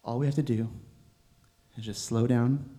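A young man preaching a sermon in a gentle, conversational way, with bursts of emphatic exasperation. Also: medium pitch, steady tone, normal speed. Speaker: preacher, seminary student.

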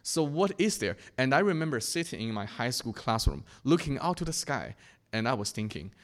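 A young man from China giving an earnest, reflective personal testimony, often pausing and restarting his sentences. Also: medium pitch, very animated. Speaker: speaker sharing his faith testimony.

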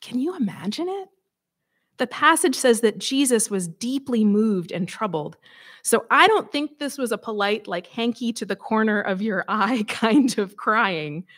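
A woman preacher reading scripture aloud and giving a sermon, conversational and expressive with dramatic emphasis. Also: fairly high pitch, measured pace.

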